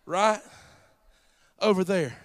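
Man, pastor, Southern accent, folksy sermon, high voice, bright tone. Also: slow. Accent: Southern US, South Georgia. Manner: folksy, rising to shouted preaching.

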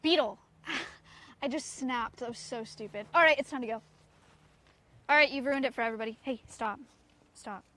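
A young sanctuary owner streams outdoors, talking casually to her chat and coaxing her goats. She speaks at a moderate pace in a high-pitched, bright, forceful voice with long pauses, and there's no echo.

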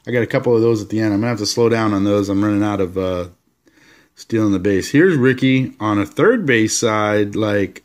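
A man casually showing off his collection of sports cards, rambling along with relaxed, enthusiastic asides. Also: on the low side, brisk. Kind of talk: casual card-showing vlog.

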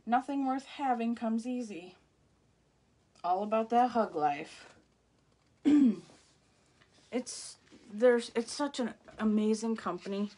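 Her voice sits a little high and sounds slightly mellow. This middle-aged woman is doing a relaxed live walkthrough of craft products for viewers, full of gushing and excited exclamations.

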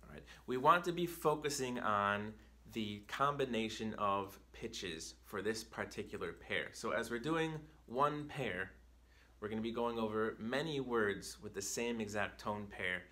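A male teacher with a bright, forceful voice, talking slowly and carefully. He explains each point patiently and keeps checking in with his students. He pauses to read drill words aloud in a raised voice. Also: fairly low pitch. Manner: slow, patient explanations with frequent checks like "right?". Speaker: Chinese teacher. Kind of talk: video language lesson.

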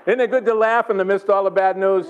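An older man with a Boston accent, preaching a sermon in a church in a joking, conversational way with quick asides. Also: high-pitched, steady tone, highs cut off. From Boston area. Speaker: guest preacher. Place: church sanctuary.

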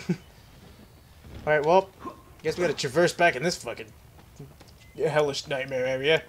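A man's voice: on the high side, moderate pace, pauses often, a little hiss or hum. A young man giving let's play commentary on a horror game, rambling and joking to himself. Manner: jokey, rambling self-talk. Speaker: gaming commentator.

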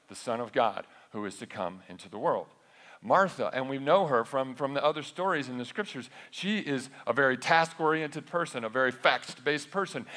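A man's voice: fairly high pitch, fairly bright tone. A man preaching a sermon as pastor, conversational, often asking the congregation rhetorical questions. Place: church sanctuary. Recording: long echo of a church hall.

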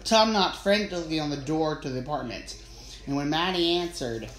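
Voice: mid-range voice, animated, moderate pace, a bit bright, slight background noise. Roomy audiobook narrator. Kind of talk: storybook narration. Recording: roomy with faint ambience.

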